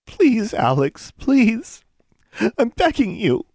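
A man's voice: mid-range voice, lively intonation, moderate pace, darkish tone, no room sound, studio quality, voice pushed up, close to an everyday voice. A man voicing a frightened young schoolgirl witch who pleads tearfully with her friend. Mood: begging.

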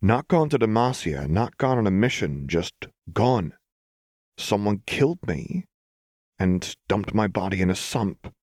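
A man voicing a gentle young woman who speaks in a soft, earnest, reassuring way. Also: on the low side, animated, a little slow, no echo, clean studio sound, voice pushed up.

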